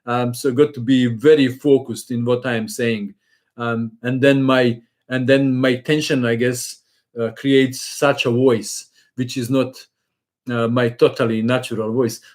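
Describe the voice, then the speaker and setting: A man's voice: mid-range voice, little pitch movement, unhurried. A man, a chess channel host chatting casually in a live-stream question and answer session, hesitant with many fillers.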